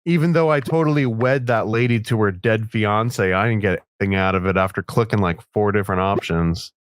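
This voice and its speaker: A man's voice: lowish voice, fairly quick, no room sound, clean studio sound. A man playing a game and chatting casually over a voice call, laid-back and joking, calling his friend dude and man. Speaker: guest player in a gaming video. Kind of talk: casual gameplay chat.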